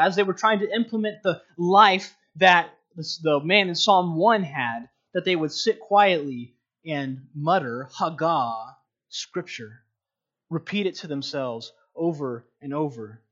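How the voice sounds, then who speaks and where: Earnest high-voiced man teaching scripture. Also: fairly bright tone. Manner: earnest, unhurried, with frequent restarts. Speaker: Bible teacher. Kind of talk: teaching monologue on scripture meditation. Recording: dull lo-fi recording.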